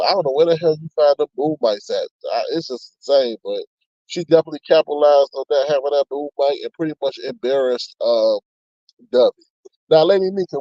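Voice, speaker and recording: A man rants through casual online-drama commentary, blunt and heavy on profanity, stopping to read chat comments aloud. His voice sits a little high for a man. The recording is dull and muffled, with no room sound at all. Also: mellow, no echo. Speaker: commentary channel host.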